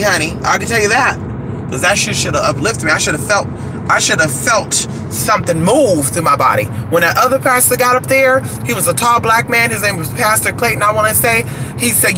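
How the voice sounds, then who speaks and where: Guy streaming from his car, kinda high voice, cussing and chatting, loud traffic noise. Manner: profane, chatty, reads out viewer comments. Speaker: vlogger. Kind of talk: casual live-stream chat.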